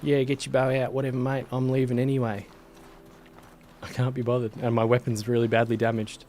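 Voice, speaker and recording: A man's voice: mid-range voice, completely flat delivery, a little fast, darkish tone, slight background noise. A man streaming a game, chatting casually in a laid-back, hesitant, mumbling way. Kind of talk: casual gameplay commentary.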